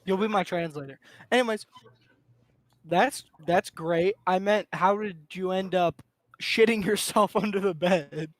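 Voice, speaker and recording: A man's voice: high-pitched, a little slow. A man playing in a tabletop game, laid-back and joking. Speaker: player. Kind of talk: casual tabletop game play.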